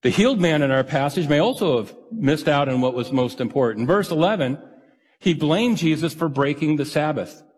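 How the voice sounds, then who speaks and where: A man's voice: a little high, expressive, moderate pace, a little mellow, slightly rough. A male pastor giving a sermon in an earnest, conversational, self-deprecating way. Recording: reverberant church hall.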